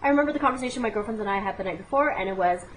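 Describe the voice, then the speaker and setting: A woman in her late twenties telling a comic personal story as a vlogger, animated and dramatic, with exclamations and asides to the viewer. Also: medium pitch, racing, a little hiss or hum, poor audio. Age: 20s.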